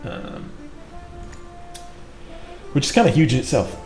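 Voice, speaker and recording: This UK community manager and stream host speaks slowly in a mid-range, darkish voice with big pitch swings. He casually chats and jokes through a gameplay livestream with self-deprecating asides, in a roomy recording with faint music.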